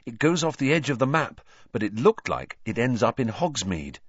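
A determined teenage wizard, as a man reading a storybook puts him on pants out urgent, grim lines with a lively, swinging pitch. The sound is dry and a little dull. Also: normal speed, husky, no echo.

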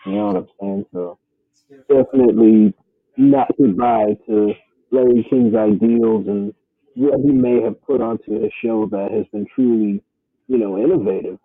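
Laid-back male host, husky, dry close sound, phone-line tinny audio. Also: fairly low pitch, normal speed, no echo. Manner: laid-back, rambling with fillers. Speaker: podcast host. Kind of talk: casual chat.

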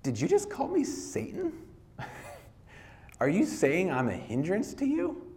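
A man's voice: high-pitched, huge pitch swings, slow pace, darkish tone, pitched above the performer's own voice, exaggerated voice. A man voicing a wounded, bewildered male disciple who protests his loyalty in an indignant, pleading way. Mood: wounded disbelief.

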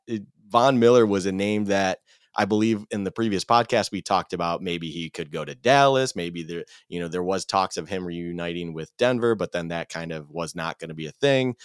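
A man's voice: sits low, clean tone, dry recording, studio quality. A man co-hosting a casual sports podcast, chatting in an easygoing way and telling stories. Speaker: podcast co-host.

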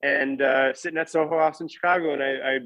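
A man's voice: fairly high pitch, fairly even intonation, quick pace, bright, forceful tone, dry recording, lo-fi sound. A man casually telling a long story as a podcast guest, rambling with lots of "like" and restarts.

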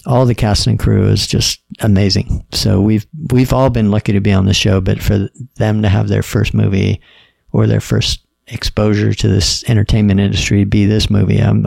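A middle-aged man, a podcast guest, telling stories in a relaxed, casual way and quoting other people's lines. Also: fairly low pitch, vocal fry, dry recording, studio quality. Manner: laid-back storyteller, quotes others in dialogue. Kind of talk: casual storytelling.

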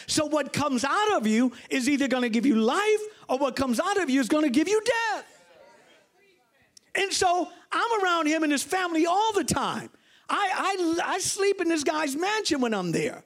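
A middle-aged man preaching as a bishop, telling stories with animated delivery and high exclamations. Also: moderate pace. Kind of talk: sermon.

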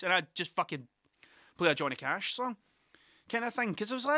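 Bright, sweary Scottish storyteller man. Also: high voice, sing-song, fast talker, no echo, clean studio sound. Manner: sweary, rambling, laughs at himself. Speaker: musician telling stories. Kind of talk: casual storytelling monologue.

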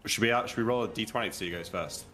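A man playing a tabletop game with friends, chatting casually, animated and laughing as he lectures playfully. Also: lowish voice, very fast, faint music behind. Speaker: player.

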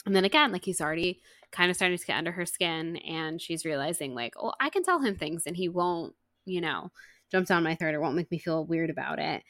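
A woman co-hosting a podcast, chatting casually about a book, retelling scenes with quoted lines and quick laughs. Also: low voice, fairly bright tone, no room sound. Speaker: podcast co-host. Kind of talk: casual book-club chat.

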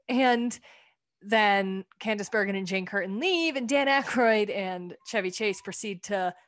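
A woman's voice: mid-range voice, a bit bright. A woman co-hosting a casual chat, talking candidly, swearing bluntly when annoyed and acting out quoted lines. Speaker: podcast co-host. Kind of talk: casual chat reviewing a comedy show.

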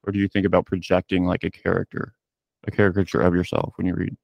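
Low-voiced man, dry close sound. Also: completely flat delivery, fast talker, vocal fry, no echo. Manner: thoughtful, filler-heavy questions. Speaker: podcast host. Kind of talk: casual podcast chat. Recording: dry, muffled mic.

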